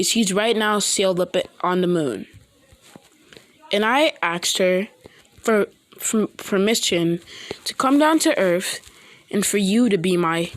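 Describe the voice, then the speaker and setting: A woman voicing an eager young goddess girl, in an earnest tone a little higher than her narration. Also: dry recording.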